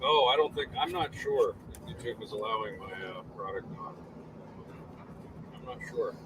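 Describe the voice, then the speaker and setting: A man's voice: on the low side, expressive, normal speed, background noise. A man, a guest, chatting in a friendly way outdoors by a dock. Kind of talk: casual chat.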